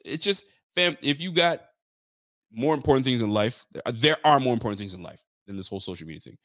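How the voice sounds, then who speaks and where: Profane, fired-up sports podcast host. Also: male voice, on the low side, no room sound, studio quality. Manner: profane, animated rant with slang. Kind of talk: casual ranting commentary.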